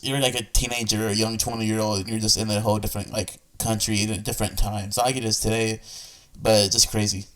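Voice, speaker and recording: A man's voice: lowish voice, little pitch movement, quick pace, a bit bright, distant mic, low-quality recording. A man hosting a reaction video, talking casually and rambling with many restarts. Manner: rambling, full of fillers and restarts.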